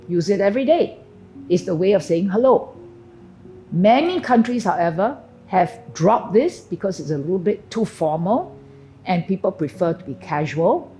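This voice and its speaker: A woman's voice: mid-range voice, dark tone, low-quality recording. Poised woman teaching polite greetings. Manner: clear, deliberate, instructive, stretches key phrases slowly. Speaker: etiquette and grooming trainer. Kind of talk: presenting a lesson on camera.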